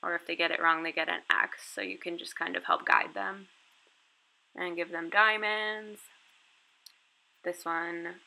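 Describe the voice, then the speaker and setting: A woman's voice: on the low side, expressive, a little slow, vocal fry, pauses often, pushed and bright, rough recording. A woman who teaches English online, giving a chatty step-by-step walkthrough of her lessons over a screen recording. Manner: chatty, explaining step by step with casual fillers. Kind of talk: casual screen walkthrough tutorial.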